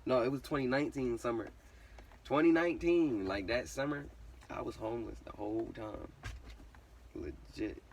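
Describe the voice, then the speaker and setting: A man's voice: medium pitch, normal speed, long pauses, far from the mic. A young man casually telling a personal story, full of slang and swearing, who says literally constantly. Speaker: vlogger.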